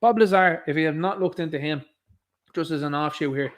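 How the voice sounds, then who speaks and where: Irish male host, sarcastic headline-ranting commentary, voice sits a little high. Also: fairly quick. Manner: indignant, sarcastic, reads headlines aloud then riffs.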